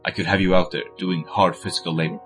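Gloating domineering dictator read by a man, deep voice, mock-serious. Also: steady tone, quick pace, a bit bright, faint music behind. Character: domineering male Soviet dictator, crude and gloating.

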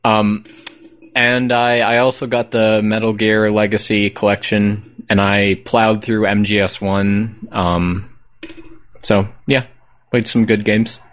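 A man with a fairly low voice talks in loose, casual podcast chat. He rambles, hesitates with ums and drops the odd swear word. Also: flat delivery, slow pace, a bit bright. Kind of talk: casual chat about video games.

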